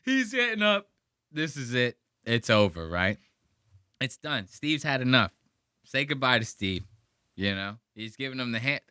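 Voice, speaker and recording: Profane, animated male podcast host. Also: mid-range voice, unhurried, clean tone, no room sound, clean studio sound. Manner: profane, animated storytelling, mimics voices. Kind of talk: casual reaction commentary.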